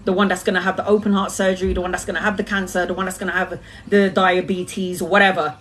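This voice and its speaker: A woman's voice: lowish voice, flat delivery, fast talker, fairly bright tone, slight background noise. A woman giving a casual spiritual monologue, blunt, emphatic and full of swearing. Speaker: tarot reader.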